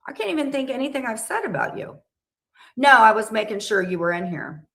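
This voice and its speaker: A woman's voice: on the high side, sing-song, fairly quick, a bit bright. A woman in a heated live-stream argument, pleading and calling people honey.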